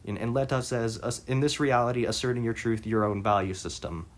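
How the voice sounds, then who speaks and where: A man reading interview passages aloud and commenting on them, halting with frequent restarts and fillers. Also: mid-range voice. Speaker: reader and commentator.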